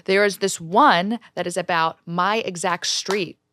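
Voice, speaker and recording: A woman's voice: on the low side, a little slow, fairly bright tone, no room sound, clean studio sound. A young woman from New Jersey, co-hosting a podcast, telling a spooky story in a brash, joking way and swearing freely. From New Jersey, USA. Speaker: podcast co-host. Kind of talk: casual chat, storytelling.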